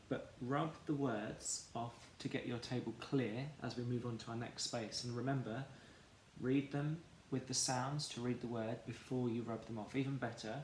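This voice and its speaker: A man teaching a children's phonics lesson, sounding out words slowly and clearly, syllable by syllable. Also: mid-range voice, a little hiss or hum. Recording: echoey room with faint ambience.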